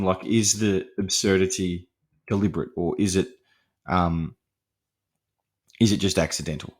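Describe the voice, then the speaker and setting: A man's voice: fairly low pitch, a bit bright. A man hosting a podcast, talking through a film in a casual, rambling way with many fillers and restarts, laughing lightly between points. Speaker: podcast host discussing horror films.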